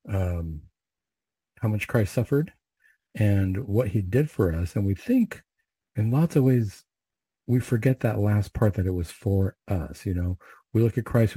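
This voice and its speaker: A middle-aged man who leads recited prayers, then gives a measured, conversational spiritual reflection. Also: fairly low pitch, dark tone, breathy edge, no echo, poor audio. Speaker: Catholic prayer leader and speaker.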